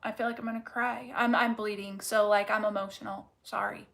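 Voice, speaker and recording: A woman's voice: medium pitch, little pitch movement, fairly quick, a bit bright. A woman giving a casual tarot reading and talking straight to the viewer, blunt and full of swearing, repeating phrases to hammer her point home. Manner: candid and profane, talks straight to the viewer; emphatic and repetitive when making a point. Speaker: tarot reader.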